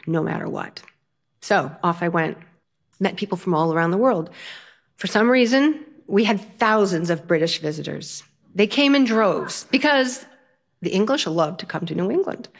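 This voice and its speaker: An older woman telling a personal story to an audience, with an animated, playful delivery and frequent laughter. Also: on the low side.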